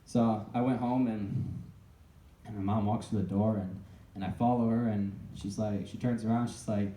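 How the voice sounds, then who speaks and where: A young man tells his own story to a live audience, halting often and starting his sentences over. His voice is low and very dark. It sounds distant, as if recorded from across a reverberant room. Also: fairly even intonation. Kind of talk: personal testimony to a live audience. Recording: echoey room, voice picked up from a distance.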